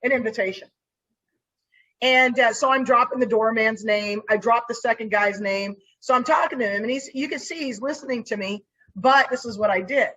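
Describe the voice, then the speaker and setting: Lively woman telling a story, lo-fi sound. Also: a little high, normal speed, breathy edge. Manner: animated storyteller acting out her own lines. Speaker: private investigator guest. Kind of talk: casual storytelling interview.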